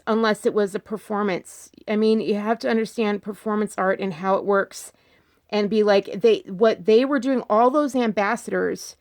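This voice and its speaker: A woman vlogger talking in casual commentary, repeating her points and firing off rhetorical questions, her pitch jumping up when she gets emphatic. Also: a little mellow. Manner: insistent, repeats herself, fires rhetorical questions.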